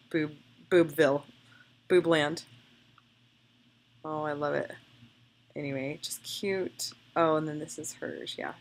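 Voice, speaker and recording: Young woman with a low, gravelly voice, casual tutorial host. Chatty and gushing, thinks aloud while editing. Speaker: photographer demonstrating photo editing. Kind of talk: casual screen-recorded tutorial.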